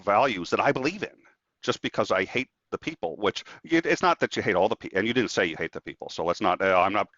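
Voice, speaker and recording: A man with a fairly low voice chats as a guest and tells stories with animation, acting out the voices of the people in them. The sound is dry and a little dull and lo-fi. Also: fast talker, dry recording. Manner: animated storyteller acting out quotes. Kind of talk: casual conversation.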